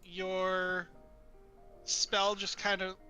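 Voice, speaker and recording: A man acting as game master, explaining rules and outcomes in a halting way with many restarts. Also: high voice, completely flat delivery, pushed and bright, muffled recording, faint music behind. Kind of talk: running a tabletop game.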